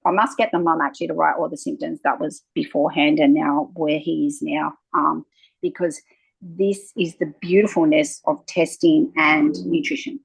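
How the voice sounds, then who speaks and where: This woman, a naturopath being interviewed, has a low, creaky voice with a breathy edge and talks at normal speed. Chatting at length, she brings her stories to life by performing the quoted back-and-forths. The recording is dry and of low quality.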